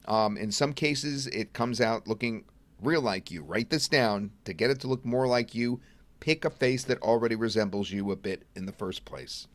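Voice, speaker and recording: A middle-aged man presenting a software demo in a casual webinar, chatting and thinking aloud as he clicks through at a computer. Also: on the low side, normal speed, no room sound. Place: at a computer desk.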